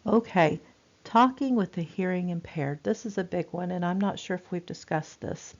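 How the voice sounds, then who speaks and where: A woman gives a nursing lecture, talking casually and circling back with fillers. Her voice sits low with a gravelly edge. The recording sounds dull and lo-fi. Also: normal speed. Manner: chatty, repeats herself, many fillers. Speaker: nursing instructor.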